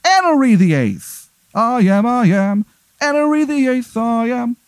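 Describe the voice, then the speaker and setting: A man doing a shrill fake-English ghost king. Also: very animated, slow, no room sound, studio quality, exaggerated voice. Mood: cheery. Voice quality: bad put-on English accent.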